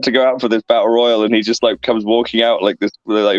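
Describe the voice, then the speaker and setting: This guest, an English pro wrestler in his thirties, speeds a little through backstage tales on an online interview stream, barely pausing, rambling with plenty of fillers and lively impressions. His mid-range voice comes through a muffled recording with no room sound and faint music behind.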